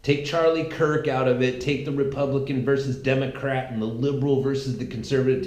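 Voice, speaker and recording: A man's voice: mid-range voice, warm tone. A man hosting a podcast, talking through a casual opinion monologue in a rambling, sarcastic way with many restarts. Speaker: podcast host. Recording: roomy echo.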